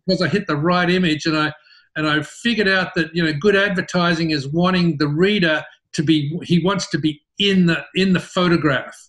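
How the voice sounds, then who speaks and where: A middle-aged man with an Australian accent tells his business story in an interview, animated and often repeating words as he starts sentences. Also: on the high side, moderate pace. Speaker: interview guest, business founder.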